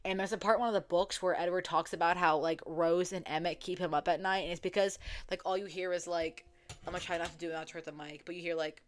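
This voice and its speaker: A young woman casually retelling a story to her viewers, chatty and profane, full of "like" fillers, acting out characters' lines in quick quotes. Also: lowish voice, steady tone. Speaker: book vlogger. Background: faint background music.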